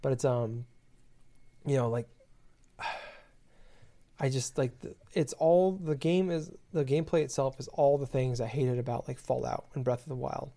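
A man's voice: medium pitch, measured pace, pauses often, warm tone. A man in casual chat, rambling and swearing as he rants about a game. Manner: profane, rambling, exasperated ranting.

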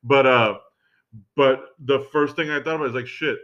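A man from Miami co-hosting a podcast, relaxed, swearing freely as he reminisces. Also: medium pitch, moderate pace. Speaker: podcast co-host. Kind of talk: casual chat. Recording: dull lo-fi recording.

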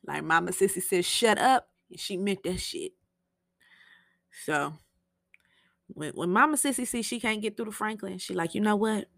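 A woman's voice: medium pitch, normal speed, vocal fry, long pauses, fairly bright tone, dry recording, clean studio sound. A young woman hosting a TV recap podcast, telling the episode in a blunt, profane, chatty way. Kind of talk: casual spoken show recap.

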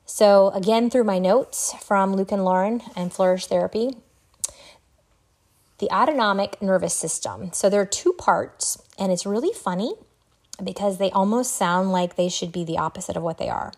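A middle-aged woman hosting a solo podcast, talking in an earnest, reflective way with an occasional soft laugh. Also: medium pitch, normal speed. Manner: earnest, reflective, laughs softly now and then. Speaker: podcast host. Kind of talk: solo podcast talk on wellbeing.

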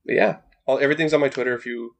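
A man's voice: medium pitch, rapid-fire, creaky, a bit bright. A man guesting on a podcast, rambling and hesitant, with many uhs. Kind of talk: casual chat.

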